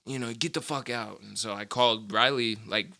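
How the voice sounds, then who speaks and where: Bright-voiced young man telling stories. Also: mid-range voice, normal speed, creaky. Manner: rambling, profane, laughs often. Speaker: vlogger. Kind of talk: casual storytelling chat.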